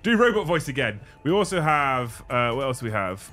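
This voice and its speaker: A man in his thirties hosting a livestream, animated and joking, swearing casually, on a studio mic. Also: mid-range voice, fairly quick, soft background music. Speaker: livestream host.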